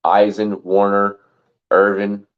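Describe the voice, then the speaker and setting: A man's voice: lowish voice, completely flat delivery, slow. A man hosting a fantasy football show in loose, rambling talk, full of repeated words and "like", with some swearing. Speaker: fantasy football podcast host. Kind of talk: casual sports talk. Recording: dull lo-fi sound.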